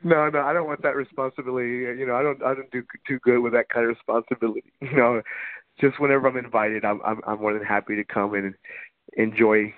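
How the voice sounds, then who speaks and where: Male podcast guest, easygoing joker, mid pitch, dry phone-line audio. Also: fairly even intonation, quick pace, no room sound. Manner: laid-back, joking, agreeable. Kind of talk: casual podcast banter. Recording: dry tinny phone-like sound.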